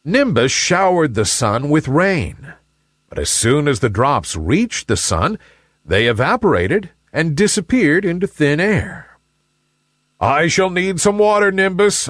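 A man narrating a children's storybook in an expressive, unhurried way. His delivery is slow and his pitch swings widely and animatedly. The recording is close and dry. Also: no echo.

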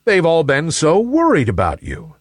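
A wise, kindly sun from a children's storybook, voiced by a man reading aloud. He speaks gently and in a measured way, a touch lower than a plain voice, with lively swings in pitch. The recording is close and dry. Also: dry recording. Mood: gentle. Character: wise, kindly male sun, calm and firm.

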